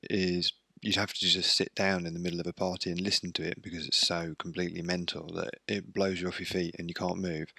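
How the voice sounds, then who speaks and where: A man's voice: low-pitched, gravelly, bright, forceful tone, no room sound, clean studio sound. A man hosting a radio show, talking casually and rambling with lots of ums and self-deprecating asides.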